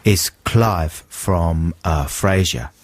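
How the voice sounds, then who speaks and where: A man's voice: low voice, very slow. A man co-hosting a casual radio show, rambling playfully and joking with his partner. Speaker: radio co-host. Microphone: studio microphone.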